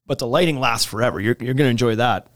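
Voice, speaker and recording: A man talks shop in a relaxed podcast chat, laughing often and cutting sentences off as he thinks. His voice sits in a mid range. It is recorded dry, with no room sound. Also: mid-range voice, fast, no echo. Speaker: deck shop co-host.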